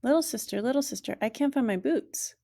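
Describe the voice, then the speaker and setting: A woman's voice: a little high, expressive, a little fast, vocal fry, warm tone, voice pushed up. A woman voicing a plaintive little boy. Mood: pleading. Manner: plaintive, repeating calls to family. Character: young boy searching for his lost boots.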